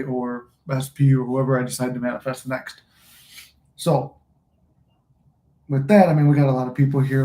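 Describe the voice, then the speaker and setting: Male host, rambling casual livestream talk, flat and mellow, roomy phone sound. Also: mid-range voice. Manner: rambling, loose and profane. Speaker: manifesting channel host. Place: room at home, smoking a cigar. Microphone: phone recording. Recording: echoey room.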